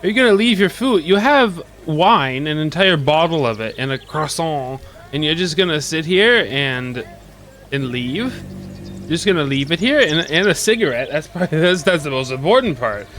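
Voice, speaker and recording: A man's voice: a little high, expressive, moderate pace, fairly bright tone. A man streaming a video game, joking and curious as he comments on what he sees. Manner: joking, curious, often laughing. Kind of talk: gameplay commentary.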